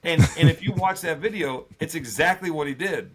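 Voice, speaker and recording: A middle-aged man, a former football player, telling a funny hunting story as a podcast guest, animated and laughing as he goes. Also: a little high, brisk, a loud crowd. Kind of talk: casual storytelling.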